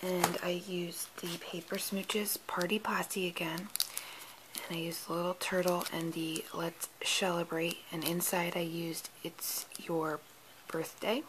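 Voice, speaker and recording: A woman's voice: lowish voice, noisy background. A woman casually walking through her handmade cards, chatty, stumbling over product names and apologizing. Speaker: card-making crafter. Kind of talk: casual craft show-and-tell.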